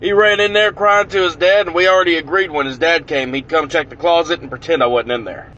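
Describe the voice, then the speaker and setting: A man telling a comic prank story in an animated, profane, punchy way. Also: a little high, a little fast, lo-fi sound.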